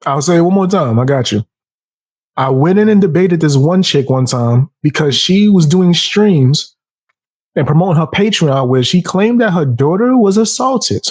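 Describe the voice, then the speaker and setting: Animated man telling stories, bright-ish voice. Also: a little high, moderate pace, no echo, clean studio sound. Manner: animated storyteller, acts out quotes in a raised voice. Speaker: podcast host. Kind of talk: casual podcast chat.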